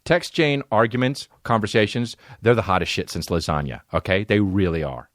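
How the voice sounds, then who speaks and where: A man's voice: lowish voice, moderate pace, dry recording, clean studio sound. A man in his forties hosting a podcast, telling profane comic stories and slipping into put-on voices. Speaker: podcast host. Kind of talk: comedic monologue.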